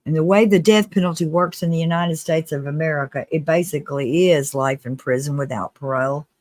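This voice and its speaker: A live-stream host giving casual commentary in a chatty, earnest way, with restarts and quick laughs. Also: mid-range voice, darkish tone, no echo. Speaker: livestream host.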